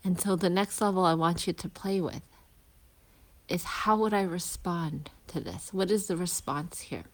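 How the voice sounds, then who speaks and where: A woman, a healing practitioner and parent, gives a casual spoken lesson while walking outdoors to school, reflective and pausing, with restarts and hushed asides. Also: on the low side.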